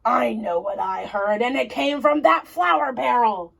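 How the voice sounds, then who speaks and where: A woman voicing a huge, grumpy giant husband who complains in a slow, booming voice in a storybook reading. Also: creaky, fairly bright tone, slightly rough, full character voice. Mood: suspicious.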